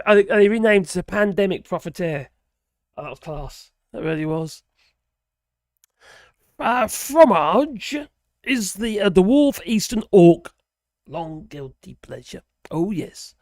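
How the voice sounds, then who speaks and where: Male streamer, hoarse and gravelly, casual rambling host who chuckles and trails off. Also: high-pitched, expressive, takes it slowly, long pauses, no echo, clean studio sound. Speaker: livestream host reading viewer chat. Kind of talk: casual live-stream chat.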